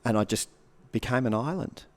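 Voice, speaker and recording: A man's voice: mid-range voice, moderate pace. A man, a coach and speaker, talking casually on a podcast. He swears freely and acts out the reactions he describes.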